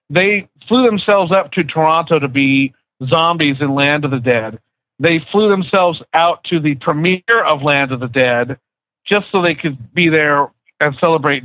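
A man's voice: a little high, fairly bright tone, dry recording. A man on a casual podcast panel, arguing his pick in an emphatic way. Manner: emphatic, argumentative. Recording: dull dry lo-fi sound.

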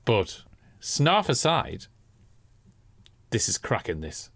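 A man co-hosts a podcast, chatting with excitable energy and plenty of swearing. His pitch swoops widely from high to low. The sound is dry and close to the mic. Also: slow pace, dry recording. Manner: animated, enthusiastic, sweary. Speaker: podcast co-host. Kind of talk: casual chat.

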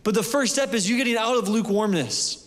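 A man's voice: sits high, fast talker. A man preaching a sermon, passionate and conversational, with asides and jokes to the congregation. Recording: long hall reverb.

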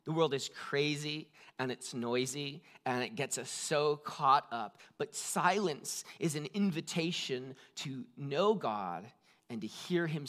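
Bright-voiced man preaching a sermon. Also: mid-range voice. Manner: conversational, frequent "like" fillers, dynamic emphasis. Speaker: pastor.

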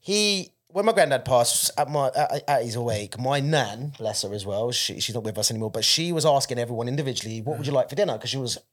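A man telling funny stories in a casual podcast chat, animated and laughing as he goes. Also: medium pitch, fairly quick, hardly any pauses. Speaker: podcast guest comedian.

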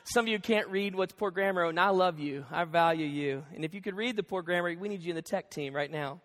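A man in his thirties preaching a sermon as pastor, animated and joking, acting out the voices he quotes. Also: high-pitched, fairly quick, hardly any pauses. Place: church auditorium. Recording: long hall reverb.

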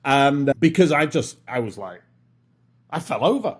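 A British man in casual conversation, self-mocking and quick to laugh. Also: medium pitch, very animated, breathy edge. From Britain. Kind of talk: casual chat.

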